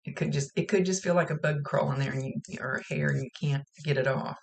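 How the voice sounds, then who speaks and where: A woman's voice: sits low, fast talker, creaky. A woman psychic medium giving a reading, chatting plainly as she relays spirit messages. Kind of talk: recorded psychic reading monologue.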